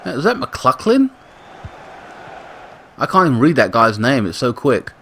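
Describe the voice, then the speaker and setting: Gaming commentator, male, middle pitch, chatty with sudden excited bursts, light noise under the voice. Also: unhurried. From Britain. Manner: excitable bursts on attacks, chatty asides and self-corrections. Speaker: gaming YouTuber commentating a football sim. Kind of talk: casual play-by-play game commentary.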